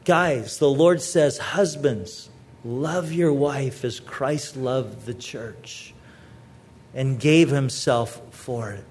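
A man's voice: mid-range voice, extremely slow, a little mellow, husky. A man preaching a sermon, earnest and pleading, often repeating words as he presses his point. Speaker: pastor.

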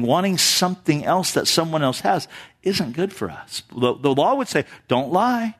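A male pastor preaching a sermon in church, talking with the congregation through rhetorical questions. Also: sits high.

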